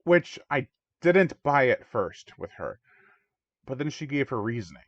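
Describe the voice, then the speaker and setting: A man doing a rambling, chatty movie review in a mid-pitched voice. The sound is a little dull and lo-fi, with a dry, close room tone. He drifts between opinions and quick mock voices of the characters. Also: sing-song, no echo. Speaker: movie reviewer, channel host. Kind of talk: casual spoken movie review.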